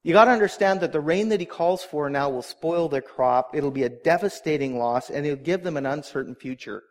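Earnest male preacher, slightly high voice. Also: a little fast. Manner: earnest and animated, with asides to the congregation. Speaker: pastor. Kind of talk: sermon.

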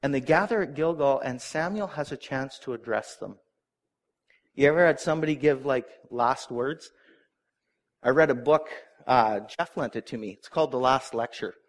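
A man's voice: medium pitch, normal speed. A man preaching a sermon, retelling a Bible story in a conversational way and briefly acting out the characters' lines. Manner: conversational storytelling, acts out voices. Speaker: pastor.

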